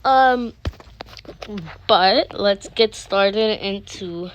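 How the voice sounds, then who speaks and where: A woman host narrates a toy doll-play story in a casual, chatty way, rambling and restarting as she goes. Her voice is middle-pitched for a woman. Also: drawn-out words, clean tone.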